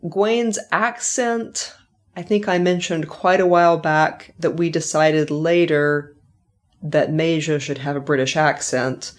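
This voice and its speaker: A woman's voice: low-pitched, slow. A middle-aged woman, an author hosting her own podcast, reflecting in a chatty way and laughing now and then. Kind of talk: casual author commentary.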